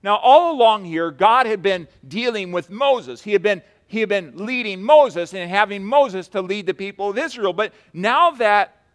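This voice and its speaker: High-voiced preaching man. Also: lively intonation, moderate pace, hardly any pauses, smooth. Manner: emphatic preaching, swinging from hushed to loud; repeats words, many restarts. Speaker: pastor. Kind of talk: sermon.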